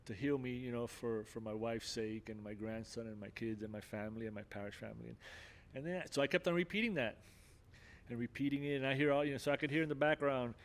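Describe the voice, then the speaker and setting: A man's voice: medium pitch, fast talker. Earnest older man telling a story. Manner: earnest storytelling, many restarts and "you know". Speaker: podcast guest. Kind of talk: personal testimony in conversation.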